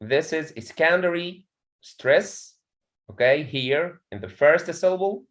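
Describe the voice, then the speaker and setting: A man's voice: fairly high pitch, animated, measured pace, rough recording. A man with an Egyptian accent teaching an English pronunciation lesson in a classroom, often saying "okay" and checking that students follow.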